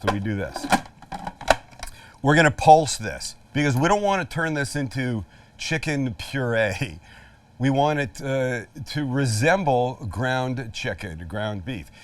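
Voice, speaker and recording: A man's voice: medium pitch, animated, measured pace, dry recording, far from the mic. Chatty, jokey man cooking outdoors. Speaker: cooking show host. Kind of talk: casual cooking demonstration. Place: outdoor backyard kitchen.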